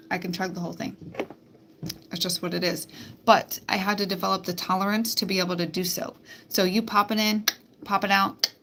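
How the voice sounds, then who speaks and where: A woman's voice: medium pitch, vocal fry, fairly bright tone, slight background noise. A woman hosting a spiritual live stream, talking bluntly and emphatically with plenty of swearing. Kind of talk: casual live-stream monologue.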